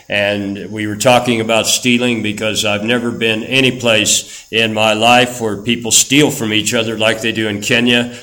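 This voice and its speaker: A man's voice: fairly low pitch, pushed and bright, rough recording. A middle-aged man preaching a sermon as a pastor, fervent and emphatic, driving points home with repetition.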